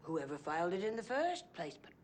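An actress playing a patient, measured woman in a film scene who answers an agitated man with slightly condescending calm. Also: fairly low pitch. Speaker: film character. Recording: noisy film soundtrack.

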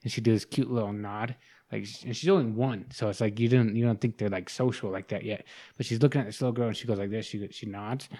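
A man's voice: lowish voice, fairly even intonation, fast talker, warm tone. A young man in casual podcast chat, telling rambling stories with constant swearing. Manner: profane, rambling storytelling. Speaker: podcast guest.

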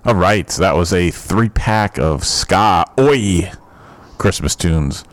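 A man with a very low voice talks loosely on a music podcast. He laughs a lot and trips over his own sentences. His voice is recorded close and dry, with no room around it. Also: slow pace, no echo. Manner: loose and chatty, laughs often, restarts sentences. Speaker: podcast co-host. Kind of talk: casual chat about music.

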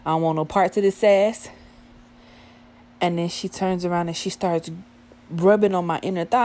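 A young adult woman telling a profane, animated story about a night out, acting out the dialogue as she goes. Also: on the low side, moderate pace, long pauses. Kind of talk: casual storytime monologue.

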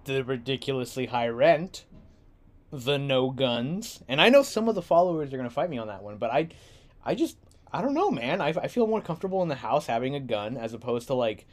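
A man's voice: medium pitch, big pitch swings, a little fast. A young man from San Diego hosting a podcast, talking in a laid-back, rambling way and laughing often. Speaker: podcast host. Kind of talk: casual chat.

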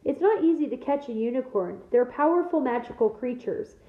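A woman reading aloud, voicing a big, blunt male gamekeeper who talks in a rough dialect. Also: high voice, expressive, fairly quick. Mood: gruff. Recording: echoey room, tinny phone-like sound.

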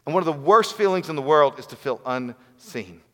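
A man's voice: fairly high pitch, lively intonation, fairly quick. A man giving a sermon as a pastor, earnest and storytelling. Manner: earnest, storytelling with acted quotes. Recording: long hall reverb.

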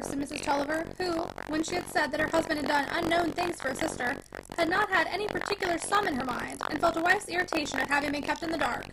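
A woman reading a classic novel aloud in an expressive audiobook narration. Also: high-pitched, fast talker, vocal fry. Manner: expressive, dramatic. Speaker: audiobook reader. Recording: noisy home recording.

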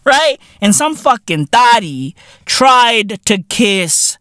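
A man in his thirties hosts a podcast and rants in a loud, profane comedic style. His voice sits high and sounds bright and sharp. The recording is close-miked and dry. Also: sing-song, takes it slowly, dry recording. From South Africa. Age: 30s. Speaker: podcast host.

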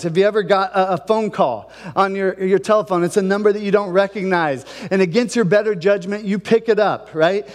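A male pastor from Ohio gives a relaxed, chatty sermon and keeps asking his listeners questions. His voice sits high for a man. The sound rings with the long reverb of a church hall. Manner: conversational, asks the congregation questions.

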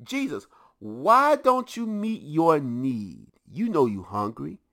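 Coaxing tempter in a sermon, slow and wheedling, bright tone, as a male preacher puts him on. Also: a little high, sing-song, full character voice. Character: coaxing tempter goading a hungry man.

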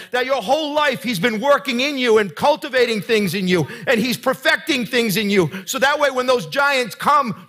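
A man's voice: extremely high pitch, pushed and bright. A man preaching a sermon as pastor, earnest and conversational, putting direct questions to the congregation.

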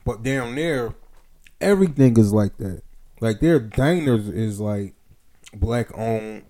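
Hyped man with a mellow voice. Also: lowish voice, lively intonation, slow. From Philadelphia. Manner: hyped, repeats shout-outs. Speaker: podcast host. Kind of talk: casual podcast chat.

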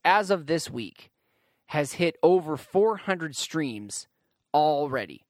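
Earnest high-voiced man hosting a podcast. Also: big pitch swings, dry recording, studio quality. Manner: earnest, reflective, drawn-out emphasis. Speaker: podcast host. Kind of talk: casual solo podcast talk.

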